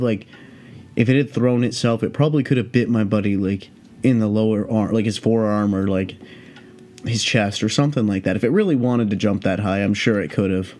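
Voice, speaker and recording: A young man who is high, telling a rambling story in a laid-back, profane, meandering way. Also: a little mellow. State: high on cannabis. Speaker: podcast host.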